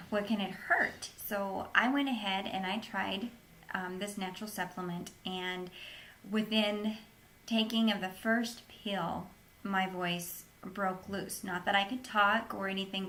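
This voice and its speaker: A woman's voice: on the low side, bright, forceful tone, a little hiss or hum. A woman, an interview guest, recounting a personal story in an earnest, plain-spoken way.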